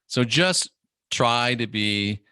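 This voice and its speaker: A middle-aged man hosting a livestream, delivering an animated, preachy monologue and mimicking the people he quotes. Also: mid-range voice, extremely slow, clear, resonant tone, no room sound, clean studio sound. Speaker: host of an online channel.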